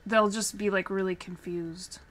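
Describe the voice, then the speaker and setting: A woman's voice: medium pitch, a little slow, slight background noise. Chatty woman streamer, drawing and talking. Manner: chatty, laughs often, animated when telling stories. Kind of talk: casual chat while drawing on stream.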